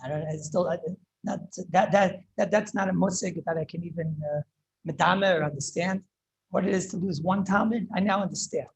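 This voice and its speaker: A man, a rabbi, giving an impassioned Torah lecture over a video call, often halting and repeating words as he searches for them. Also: high-pitched, fairly even intonation, vocal fry, breathy edge, rough recording. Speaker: rabbi teaching a class.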